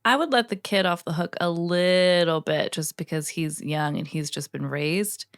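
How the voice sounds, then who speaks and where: A woman's voice: lowish voice, moderate pace, no room sound, clean studio sound. A woman co-hosting a podcast as a first-time reader, skeptical and blunt in casual chat. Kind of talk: casual book-club chat.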